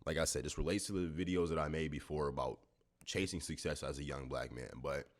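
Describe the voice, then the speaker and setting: A young man vlogging to camera early in the morning, a bit tired, speaking in a thoughtful, unhurried way with many fillers. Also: extremely low pitch, steady tone. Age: young adult. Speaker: YouTuber. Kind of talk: reflective talking-to-camera vlog.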